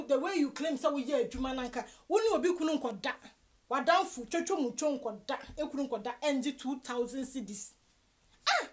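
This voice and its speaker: A Ghanaian woman giving animated gossip commentary, mixing Twi and English with loud exclamations. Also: sits high.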